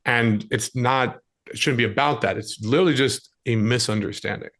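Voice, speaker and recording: A man's voice: medium pitch, moderate pace, a bit bright. A man who works as a dating coach, giving direct relationship advice as a podcast guest in a casual conversation. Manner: direct, coaching, acts out scenes with quoted voices.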